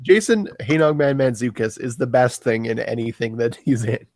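A man's voice: medium pitch, expressive, normal speed, darkish tone. A man co-hosting a casual movie podcast, enthusiastic and profane. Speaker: podcast co-host. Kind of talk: casual movie review chat.

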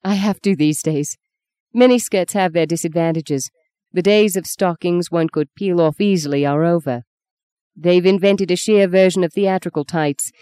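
A woman voicing a quick-tongued, teasing young actress in an audiobook reading. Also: lowish voice, dark tone, dry recording, close to an everyday voice. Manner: brisk, mocking, spirited.

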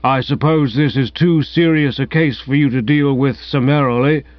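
A man's voice: mid-range voice, steady tone, normal speed, no room sound, lightly acted. A man voicing a stern, bullying man who speaks curtly and smugly in an audiobook. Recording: dull, dry, lo-fi sound.

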